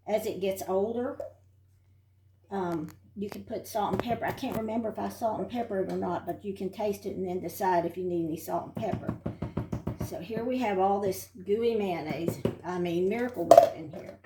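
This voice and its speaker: Speaking at a moderate pace in a mid-range voice, an older Texan woman shows visitors around her home and then demonstrates a recipe in the kitchen, all in a casual, homey manner as cook and host. Background noise is present, and the sound is roomy and off-mic.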